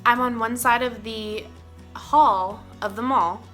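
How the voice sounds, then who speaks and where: Bright-voiced, giggly young woman vlogger. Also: on the high side, slow, faint music behind. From Oklahoma. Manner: excited, rambling, giggly. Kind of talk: casual storytime vlog.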